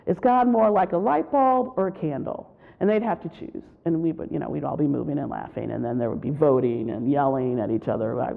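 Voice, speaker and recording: A woman gives a spiritual retreat talk, with a slightly gravelly voice. She tells her stories in an animated way and acts out what people said. The sound is thin and tinny, like it came over a phone line. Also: on the low side, brisk, hardly any pauses. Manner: animated storytelling, acts out quotes. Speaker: retreat speaker.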